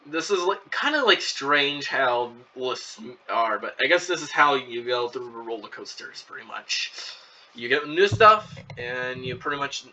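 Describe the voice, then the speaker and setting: Bright, distant young man with many fillers. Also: mid-range voice, expressive, unhurried, a little hiss or hum. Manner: hesitant, many fillers and restarts. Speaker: channel host commenting on a video. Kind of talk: casual reaction commentary. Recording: lo-fi, distant from the mic.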